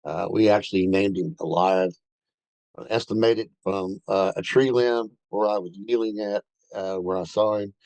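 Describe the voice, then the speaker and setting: A man's voice: low voice, steady tone, moderate pace, a little mellow, no echo, poor audio. A man telling a rambling first-hand story in a casual way, with many fillers and restarts. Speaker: bigfoot researcher telling an encounter.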